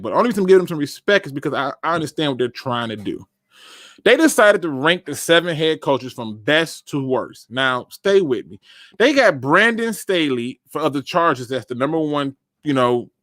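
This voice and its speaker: A man hosting a casual sports fan show, talking straight to viewers with emphatic, animated commentary. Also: on the high side, no echo, clean studio sound. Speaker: sports podcast host.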